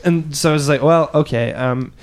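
A man's voice: on the high side, normal speed. A man telling a long story in casual podcast chat, swearing freely and raising his voice to act out what others said. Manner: swearing, acts out quotes in a raised voice.

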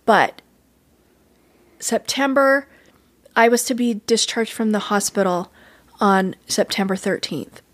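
A woman guest telling a personal story in an interview, earnest and animated, acting out quoted dialogue as she goes. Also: medium pitch, slow pace, pauses often, no room sound.

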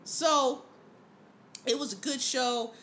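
High, bright-voiced woman podcast host. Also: slow, slight background noise. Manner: profane, animated storytelling, frequent laughter. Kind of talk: casual podcast monologue.

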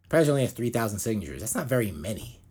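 A man's voice: on the low side, racing, slightly rough. A man hosting a metal news podcast, talking in rambling, profane casual chat. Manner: rambling, profane, animated banter.

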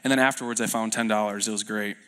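A man's voice: lowish voice, steady tone, quick pace, bright, forceful tone, a little hiss or hum. A young man preaching a sermon as pastor in a church, telling stories in a loose, self-deprecating way with fillers and restarts. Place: church sanctuary.

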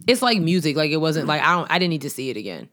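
A woman with a notably low voice, chatting casually with a friend. She argues her points playfully and emphatically, full of energy. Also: rapid-fire. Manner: emphatic, animated, playful debating. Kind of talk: casual chat.

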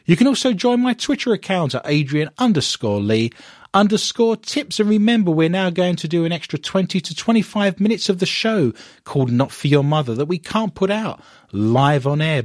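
A man's voice: fairly high pitch, no echo, studio quality. A man hosting a radio show, joking and wrapping up with scores and thanks. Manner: jokey, breaks into song, animated. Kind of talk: comedic radio chat and show sign-off.

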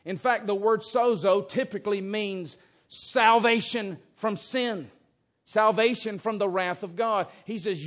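In a church sanctuary, a pastor with a high, slightly bright voice preaches an expository sermon at a slightly slow pace. He is emphatic and fond of rhetorical questions.

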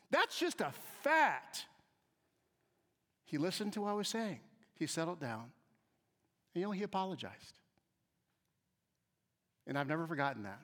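A man giving a humorous storytelling talk to an audience, acting out the voices of people in his stories and swinging between quiet asides and loud emphasis. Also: extremely high pitch. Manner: animated, acts out quoted voices, shifts between soft asides and loud emphasis. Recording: long hall reverb.

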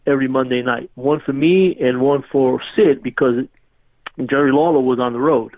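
A man's voice: medium pitch, normal speed, no room sound, narrow, tinny audio. A man telling a rambling, casual story as a podcast guest, repeatedly saying "you know what I mean".

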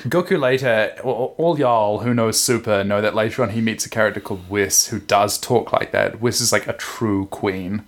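A man's voice: fairly low pitch, normal speed, few pauses. A man co-hosting a podcast, riffing and joking in casual chat. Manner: jokey, riffing, does silly voices for characters. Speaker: podcast co-host.

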